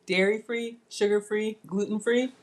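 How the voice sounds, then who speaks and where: A woman's voice: medium pitch, steady tone, normal speed. Woman, live cooking vlogger, chatty and casual, says y'all a lot. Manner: chatty, addresses viewers as y'all, savoring food.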